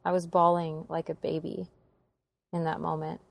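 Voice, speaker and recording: A woman's voice: sits low, level tone, moderate pace, vocal fry, no room sound. A young woman earnestly narrating a painful personal story, with emotion in her telling.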